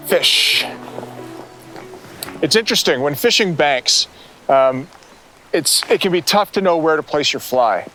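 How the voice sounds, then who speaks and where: A man hosting a fishing show outdoors on a river, excitedly explaining technique and cheering his catches. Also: fairly high pitch, unhurried, long pauses, faint music behind. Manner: enthusiastic, exclamatory. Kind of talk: excited on-the-water fishing instruction.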